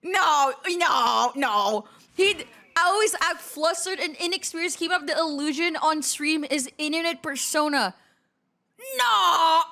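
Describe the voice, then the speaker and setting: A woman's voice: high voice, a little slow, few pauses, sharp tone. A woman from the Philippines giving live stream reaction commentary, cringing, groaning and exclaiming as she reacts.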